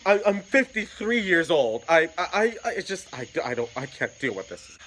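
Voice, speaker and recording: A beaten-up man in his fifties, as a storyteller puts him on, pleads in a high, cracking voice and stammers over every word. He sounds loud and strained, on the edge of losing it, in a bright, sharp tone. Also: big pitch swings, moderate pace, slight background noise, low-quality recording. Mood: desperate. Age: 50s.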